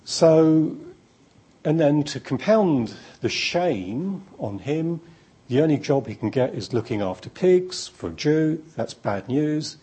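A preacher delivers a sermon with a very husky, breathy voice. He speaks slowly, and his pitch swings widely as he builds each point through emphatic repetition. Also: very animated, dark tone.

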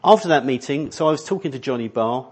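A man's voice: medium pitch, expressive, quick pace, slightly rough. Rambling, conversational male pastor. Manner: conversational, rambling with frequent restarts and ums. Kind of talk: sermon. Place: church hall.

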